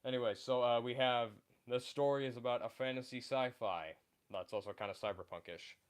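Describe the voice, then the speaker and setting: A man's voice: medium pitch, fairly even intonation, brisk, smooth. A young man hosting a livestream, chatting casually with many fillers and restarts as he brainstorms a story with his viewers. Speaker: livestream host.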